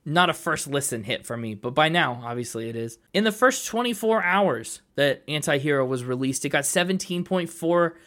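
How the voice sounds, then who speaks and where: A man co-hosting a casual music podcast, talking relaxed and conversational while sharing background facts and teasing his co-host. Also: on the high side, moderate pace, few pauses. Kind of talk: casual music review chat.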